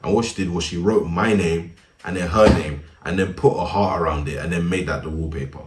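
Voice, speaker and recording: A man's voice: sits low, a little fast, roomy sound, background noise. A young man telling a story in a slangy, incredulous way, constantly calling the listener "bro". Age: young adult. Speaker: storytime narrator. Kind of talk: casual storytelling commentary.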